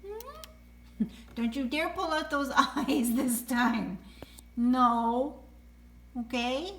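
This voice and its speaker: A woman's voice: high voice, animated, very slow, a bit bright. A woman filming her parrot at home, talking to him in sing-song baby talk, cooing, gasping and laughing often. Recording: echoey room with faint noise.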